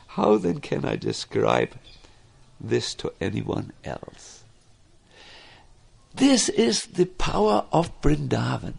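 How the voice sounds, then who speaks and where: A man giving a devotional lecture, telling stories slowly, with frequent fillers and restarts. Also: a little high, creaky, breathy edge. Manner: slow, animated storytelling with many fillers and restarts. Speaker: spiritual teacher.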